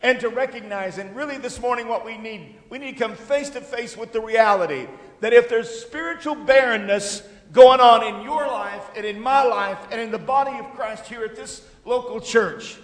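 High-voiced pastor preaching, halting and echoey. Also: male voice. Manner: halting, repeats words, fills with uh. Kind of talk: sermon. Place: church sanctuary. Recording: echoey church hall.

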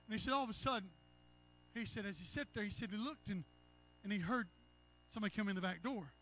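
High-voiced man preaching with fervor. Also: quick pace, slight background noise. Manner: earnest, rambling retelling with many "he said"s, rising to loud fervor. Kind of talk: sermon storytelling.

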